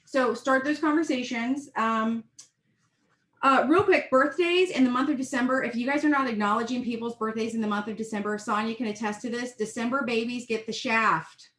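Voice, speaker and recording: A woman's voice: on the high side, moderate pace, a bit bright, reverberant. A woman giving a rambling, chatty and encouraging talk as a sales team leader. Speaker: network marketing team leader. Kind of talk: casual live video pep talk.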